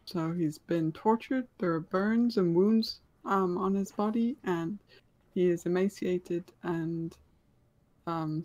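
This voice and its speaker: A woman's voice: lowish voice, darkish tone. A woman running a tabletop game as game master, narrating scenes in a hesitant way with many ums.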